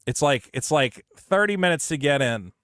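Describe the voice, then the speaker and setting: A man with a high, bright voice co-hosts a casual comedy podcast and reads viewer chats aloud. He tells stories loudly and animatedly, putting on panicked voices. The recording is dry and close. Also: normal speed, smooth, no room sound. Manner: loud, animated storytelling with put-on panicked voices. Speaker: podcast co-host reading super chats.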